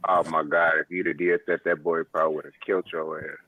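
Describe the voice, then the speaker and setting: A man's voice: sits low, level tone, a little fast. A man in a casual chat, joking and swearing freely. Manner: joking, profane. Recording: tinny phone line with faint hiss.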